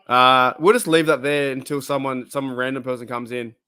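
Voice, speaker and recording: A man's voice: mid-range voice, steady tone, normal speed, sharp tone, clean tone. A man with an Australian accent, chatting casually and rambling with frequent laughter as he hosts a football watch-party stream. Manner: giggly, rambling, breaks into laughter. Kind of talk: casual live-stream chat.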